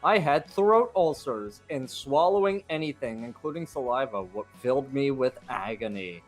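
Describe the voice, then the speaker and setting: A man in a tabletop group, talking casually in a matter-of-fact, unhurried way. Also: medium pitch, expressive, soft background music, poor audio. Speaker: player. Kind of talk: casual chat.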